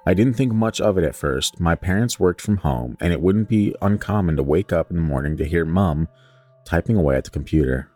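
A young man with a deep, low voice hosts a casual podcast, reading listener stories in a lively, swinging delivery. He keeps stopping to joke around, and the sound is dry and close. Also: fairly quick, no room sound, faint music behind. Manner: joking, swears casually, breaks off to tease. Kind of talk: casual chat and story reading.

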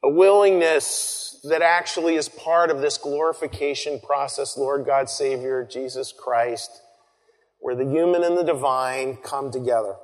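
A man preaching a sermon, earnest, repeating phrases and dropping to soft, quiet lines. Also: on the high side. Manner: earnest, pauses and repeats phrases, drops to soft near-whispers. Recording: long reverb.

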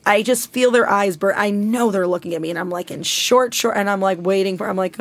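A young woman casually telling a long story on a podcast, animated and full of swearing. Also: mid-range voice, brisk, no room sound. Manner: profane, animated, rambling storytelling.

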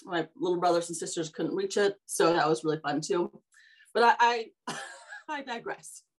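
A woman's voice: on the low side, normal speed, poor audio. A woman hosting a podcast, telling her life story in a rambling, casual way, correcting herself and laughing as she goes. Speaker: podcast host.

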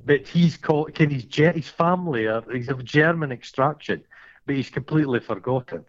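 A man with a northeast Scottish accent, hosting a podcast and telling stories in a casual, animated way, swearing and laughing often. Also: mid-range voice, normal speed. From Scotland. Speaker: podcast host. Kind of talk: casual chat. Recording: slightly dull lo-fi sound.

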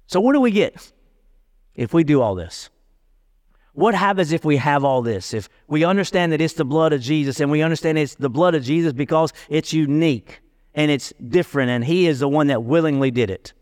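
Pastor preaching casually, fairly high voice. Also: male voice, a little fast, big-room sound. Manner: lively, casual street-talk preaching with jokes. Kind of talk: sermon.

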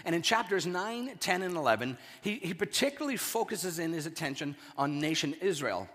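Hoarse man preaching a sermon. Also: fairly high pitch, big pitch swings, fairly quick, hardly any pauses, fairly bright tone. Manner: conversational, frequent throat-clearing. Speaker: pastor. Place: church sanctuary. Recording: reverberant church hall.

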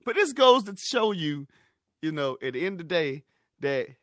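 A young man hosting a sports talk podcast, talking in a loose, animated way with lots of fillers. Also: fairly high pitch, normal speed, no room sound, clean studio sound. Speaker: podcast host.

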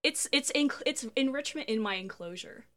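A woman co-hosting a fan podcast in casual chat, animated and swearing as she mock-quotes others. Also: high-pitched, moderate pace. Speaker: podcast co-host.

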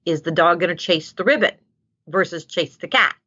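A woman dog trainer giving casual, animated advice and acting out what a dog might say. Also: fairly low pitch, moderate pace, slightly rough. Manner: animated, acts out dog voices. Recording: dull lo-fi sound.

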